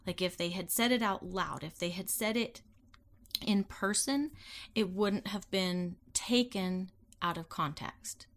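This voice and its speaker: A woman's voice: medium pitch, a little slow, a bit bright. Earnest woman co-hosting a podcast. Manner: earnest, retells friends' stories and acts out their lines. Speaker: podcast co-host. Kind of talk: casual podcast chat.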